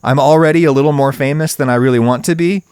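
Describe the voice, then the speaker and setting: A man's voice: fairly high pitch, fast, a little mellow, smooth, no room sound, studio quality. A man hosting a solo podcast, talking in a wry, opinionated, conversational way. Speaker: podcast host.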